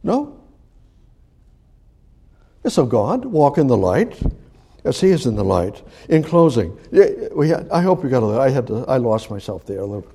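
A man delivering a sermon with a husky, mellow tone. His voice swings widely in pitch as he rambles, repeating himself and restarting sentences. He speaks a little higher than most men. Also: very animated, normal speed, pauses often. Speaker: preacher.

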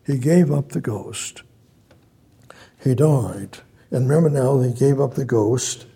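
A man's voice: mid-range voice, slow pace, creaky, mellow, husky. A man preaching a sermon, reading scripture aloud and repeating his phrases as he explains them.

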